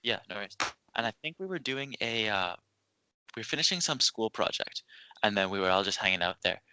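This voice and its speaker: A man's voice: on the low side, lively intonation, fairly quick, bright, forceful tone, clear, resonant tone, dry recording, low-quality recording. A young man hosting a podcast, telling rambling, laughing stories in casual chat. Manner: rambling storyteller with restarts and laughs. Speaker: podcast host.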